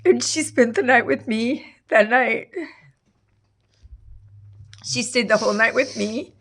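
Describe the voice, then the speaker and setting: A middle-aged woman telling a painful personal story in an interview, halting and full of restarts. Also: on the high side, fairly bright tone. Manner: halting, with many restarts and fillers. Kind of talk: emotional personal testimony.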